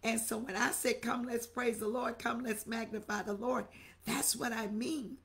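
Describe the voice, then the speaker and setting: Woman bishop preaching on a livestream, kinda high voice, super excited, keeps shouting out names. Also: normal speed, vocal fry. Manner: exuberant, repetitive, calls out viewers' names. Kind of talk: livestream sermon, greeting viewers.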